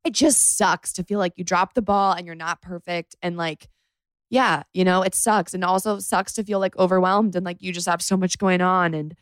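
A woman's voice: on the low side, fairly even intonation, moderate pace, smooth, dry recording. A woman hosting a solo confessional podcast from her bedroom floor, talking candidly and rambling with lots of "like", sometimes close to tears. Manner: candid, rambling, heavy use of "like"; emotional, close to tears at times. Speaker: podcast host. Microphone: podcast microphone.

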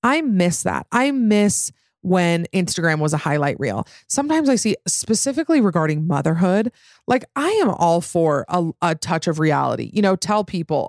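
A woman in her thirties hosting a podcast, chatting casually and reading out listener stories with animated, quick asides. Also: fairly low pitch, no room sound, studio quality. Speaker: podcast host.

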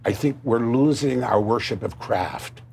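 A man with a Cockney accent telling stories at a roundtable, lively and animated, slipping into impressions. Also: medium pitch, measured pace, vocal fry, a little hiss or hum. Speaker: guest storyteller. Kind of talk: anecdotal roundtable storytelling.

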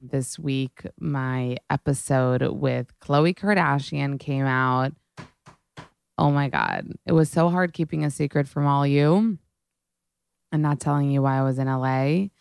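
Gushing young woman with heavy vocal fry. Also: extremely low pitch, expressive, no echo, clean studio sound. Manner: gushing and fast, heavy swearing and "like". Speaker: podcast host. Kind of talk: casual chat.

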